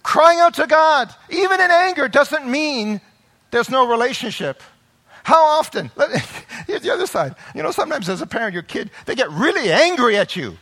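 Impassioned high-voiced man preaching. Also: very animated, moderate pace. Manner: swings from quiet explaining to loud impassioned crying out; acts out quoted voices of children and parents. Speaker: pastor. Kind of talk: sermon.

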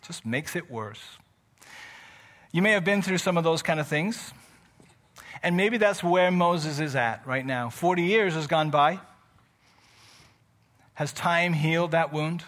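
A male pastor preaching a sermon in an animated, conversational storytelling manner with playful asides. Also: a little high, a little slow, long pauses.

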